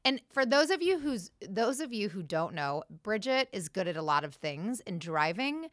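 A woman co-hosting a podcast in casual chat, telling stories with animated, teasing delivery and frequent swearing. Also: mid-range voice, normal speed, dry recording, clean studio sound. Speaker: podcast co-host.

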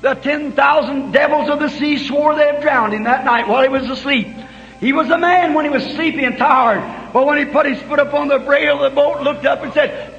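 High, fervent preacher on an old hall tape. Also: male voice, fairly quick, creaky, muffled recording. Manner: fervent, builds to shouting climaxes. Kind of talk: revival sermon.

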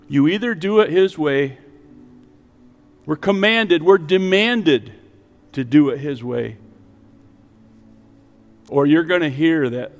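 A man with a fairly high voice preaches from the pulpit in a church. His sound carries a long hall reverb, and soft music plays underneath. He climbs to emphatic peaks and then drops low and gentle for the altar call. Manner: rising to emphatic preaching, dropping to soft prayer. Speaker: pastor. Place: church sanctuary with online stream.

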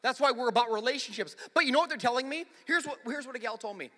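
A male pastor preaching a sermon from a church stage, swinging between loud urgent lines and hushed ones. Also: extremely high pitch, animated, quick pace, hardly any pauses, big-room sound. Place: church sanctuary.

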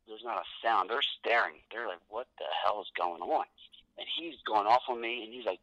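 A man, a pro wrestler, telling a story in casual chat and acting out the quotes with animated voices. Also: fairly low pitch, normal speed, no echo, poor audio.

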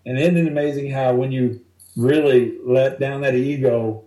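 A male stand-up comedian telling rambling, animated stories from the road in a casual interview. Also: mid-range voice, moderate pace, echoey room, poor audio. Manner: animated, rambling anecdotes that act out other people's lines.

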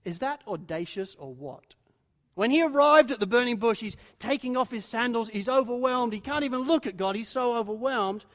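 High-voiced preacher in a reverberant hall. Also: male voice. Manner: dramatic, acts out voices of biblical figures, swings from hushed to loud. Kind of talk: sermon.

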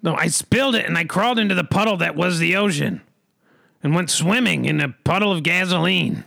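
A man's voice: high-pitched, lively intonation, a little fast, vocal fry, bright, forceful tone, no room sound. A man hosting a comedy podcast, delivering absurd stories in a grandiose, theatrical, mock-poetic way. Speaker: host.

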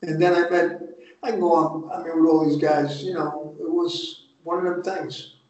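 A man's voice: fairly high pitch, level tone, moderate pace, darkish tone. An older man with a New Jersey accent, a retired undercover agent telling stories bluntly and with plenty of profanity in a casual interview. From North Jersey. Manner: blunt, profane, streetwise storytelling. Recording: distant, echoey, muffled remote audio.

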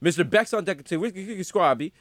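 A man co-hosting a podcast in casual chat, animated and jokey, rattling off nicknames. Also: sits high, quick pace, dry recording. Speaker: podcast co-host.

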